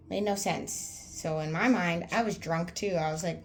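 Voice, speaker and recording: A woman's voice: on the low side, normal speed, hardly any pauses, slight background noise. A young woman telling her own story candidly, blunt and profane, rambling with lots of fillers. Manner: rambling, with many fillers like "like" and "anywho".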